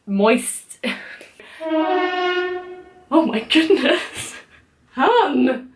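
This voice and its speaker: A woman's voice: a little high, animated, unhurried, long pauses, fairly bright tone, soft background music. A young woman with a British accent, rambling and giggling through casual vlog outtakes, often mocking herself. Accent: British English. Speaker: vlogger.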